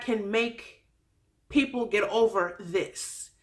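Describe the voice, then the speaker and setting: A woman's voice: medium pitch, moderate pace. Exasperated young woman vlogger. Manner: animated, exasperated, acts out quoted dialogue. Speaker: vlogger recapping a reality show. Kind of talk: casual recap monologue.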